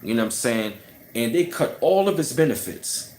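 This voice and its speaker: A man vents about a past run-in in a loose, fired-up storytelling rant, scornful and quick to lean on "you know what I mean". His voice sits at an ordinary middle pitch. It bounces around a roomy, echoey space. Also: animated, a little mellow. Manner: heated, scornful, peppered with "you know what I'm saying". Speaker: channel host. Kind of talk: casual ranting storytelling. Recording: roomy echo.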